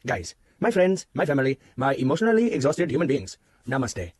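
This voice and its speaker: A man's voice: extremely high pitch, animated, slow pace, a little mellow, no room sound, exaggerated voice. A man voicing an overly earnest, rambling male self-help guru who talks in broken grammar and swoops dramatically. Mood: earnest preaching. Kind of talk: comedy sketch character monologue.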